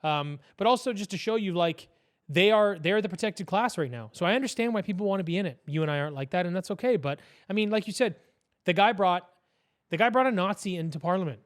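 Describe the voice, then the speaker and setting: Blunt, fast-talking man with a high voice. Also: lively intonation. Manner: blunt, profane, opinionated. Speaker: podcast guest, business owner. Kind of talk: casual political chat.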